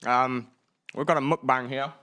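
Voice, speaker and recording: A man's voice: mid-range voice, fairly even intonation, moderate pace, bright, forceful tone. A young man hosting a student radio show in a studio, chatting and joking casually while calling out directions to the crew. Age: young adult. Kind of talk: casual livestream chat.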